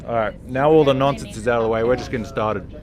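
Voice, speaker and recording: A man's voice: mid-range voice, quick pace, a crowd in the background. A man with an Australian accent, hosting a casual live-stream chat outdoors on a yacht, talking in a chatty way that repeats words as he goes. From Melbourne, Australia. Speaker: host, car wash owner.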